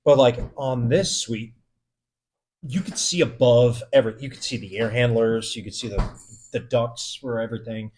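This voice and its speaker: A young man co-hosting a podcast, telling a story casually, swearing a lot and getting animated as he recounts being frightened. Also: medium pitch, normal speed, slight background noise. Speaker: podcast co-host.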